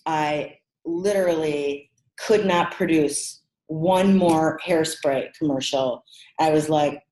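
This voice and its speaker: Animated woman telling stories, roomy sound. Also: sits low, slow pace. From American Midwest. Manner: animated, expressive, acts out quotes. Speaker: guest. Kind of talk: conversational storytelling. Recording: roomy echo.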